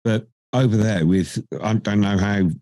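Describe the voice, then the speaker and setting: A man's voice: on the low side, fairly even intonation, a little slow, mellow, no room sound. A man from the UK in a casual podcast chat, blunt and crude in his humor.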